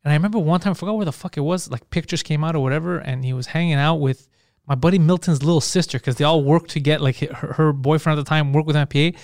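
A man with a slightly high voice hosts a laid-back podcast, rattling off rambling, profane stories at a quick clip. The sound is dry and close, with no room around him. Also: fairly even intonation, a little mellow, dry recording. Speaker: podcast host. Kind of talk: casual podcast chat.

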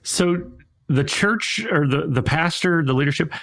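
A man's voice: fairly high pitch, measured pace, a bit bright. A man hosting a podcast, interviewing a guest and summing up her account in his own words. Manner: summarizing and rephrasing the guest's account. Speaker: podcast host.

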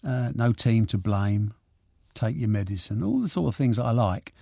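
An older man, a promoter, telling anecdotes in an interview, lively and full of restarts as he acts out what people said. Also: lowish voice, moderate pace, gravelly, dry recording, studio quality. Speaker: boxing and snooker promoter. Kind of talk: reminiscing interview answers.

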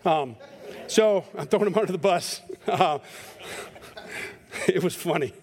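Middle-aged pastor preaching in a reverberant hall. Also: male voice, high voice, measured pace, a little mellow. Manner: conversational and self-deprecating, acting out voices in stories. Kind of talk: sermon with storytelling. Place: church sanctuary.

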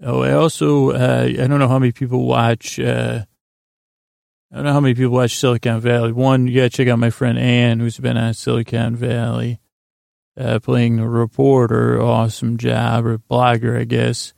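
A man rambles through a TV episode recap in a low-key mumble, stopping and restarting his sentences. His voice is very gravelly and stays on a flat, even pitch. The sound is dry and close, with no room echo. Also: moderate pace. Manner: rambling and meandering, many fillers and restarts. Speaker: podcast host recapping a TV episode. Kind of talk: casual sleepy recap, paraphrasing scenes.

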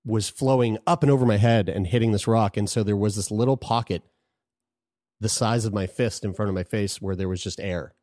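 A man with a fairly low voice tells a personal story in a relaxed, conversational way. He talks frankly and swears freely, often breaking off and restarting his sentences. The recording is dry, with almost no room sound. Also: fairly quick, dry recording. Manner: frank and profane, with frequent restarts.

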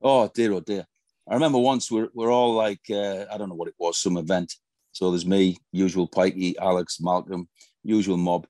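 A man's voice: sits low, fairly even intonation, moderate pace, warm tone, dry recording. A middle-aged man, a former footballer telling profane anecdotes in a casual interview. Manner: profane, storytelling, swears constantly.

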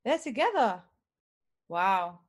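A woman hosting a podcast, quizzing her guests in a teasing, animated way. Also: medium pitch, slow, breathy edge. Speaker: podcast host. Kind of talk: casual chat.

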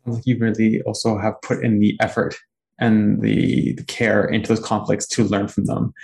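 Soft-spoken guy host, low and flat, kinda fry in it. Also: normal speed. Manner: gentle, affirming. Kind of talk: interview chat.

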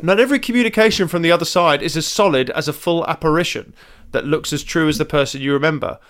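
A man's voice: on the high side, fast talker, a bit bright. A man co-hosting a comedy podcast, casually reading out an article and joking around. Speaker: podcast co-host.

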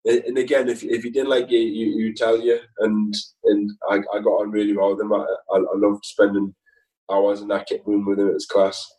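Mellow-voiced footballer telling stories. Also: male voice, on the low side, level tone, a little fast, distant mic, low-quality recording. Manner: rambling, laughing, lots of restarts and fillers. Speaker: footballer guest. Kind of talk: casual interview chat.

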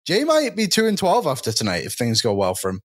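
A man co-hosting a live sports chat show, joking around in relaxed banter with fillers. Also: mid-range voice, fast, husky, no room sound, clean studio sound. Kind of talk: casual live-stream chat.

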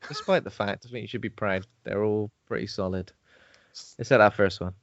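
Joking podcast co-host. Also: male voice, lowish voice, fairly quick, no room sound. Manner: joking, laughs often. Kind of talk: casual chat. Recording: dull, dry lo-fi podcast recording.

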